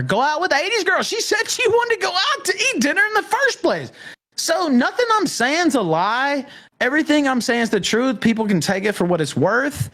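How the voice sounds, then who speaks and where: A man's voice: extremely high pitch, wildly swooping pitch, normal speed, fairly bright tone. A man in a heated podcast argument, aggrieved and profane as he airs his complaints. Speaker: podcast guest.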